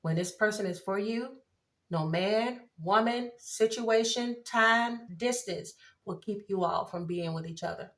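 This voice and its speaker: A woman's voice: medium pitch, measured pace, slight background noise. A woman, giving a casual tarot reading to viewers, exclaiming at the cards as she turns them. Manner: excitable, exclaims at cards, laughs often. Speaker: tarot reader.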